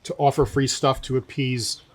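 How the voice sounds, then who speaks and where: A young man, co-host of a show, casually telling a story and acting out the people in it with lively quotes. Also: mid-range voice, normal speed. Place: winery.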